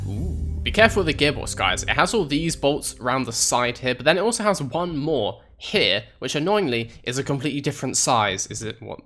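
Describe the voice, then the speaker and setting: A man narrating his game playthrough with playful, sarcastic asides to his viewers. His voice is bright and clear, and his pitch jumps around animatedly. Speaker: gaming video host. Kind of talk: let's play commentary.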